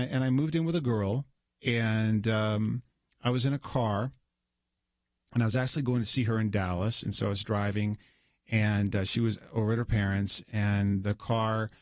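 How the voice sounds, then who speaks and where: A man's voice: medium pitch, dry recording, studio quality. Man telling a rambling personal story. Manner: rambling storyteller with many restarts and laughs. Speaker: studio guest. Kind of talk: personal testimony in conversation. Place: radio studio. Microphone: studio microphone.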